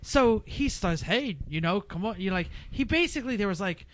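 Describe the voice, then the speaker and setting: A man co-hosting a casual podcast, telling animated stories and acting out other people's lines. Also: high voice, moderate pace, no room sound. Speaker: podcast co-host.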